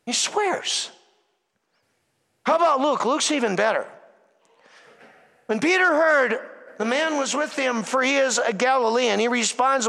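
A man, a priest, giving a slow, emphatic sermon full of rhetorical questions in a church. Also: very high-pitched, expressive, vocal fry, sharp tone, in a large hall.

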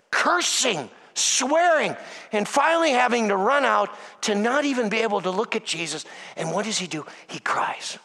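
High-voiced priest preaching slowly in reverb. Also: male voice, lively intonation, pushed and bright. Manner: slow, emphatic preaching with rhetorical questions. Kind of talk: sermon.

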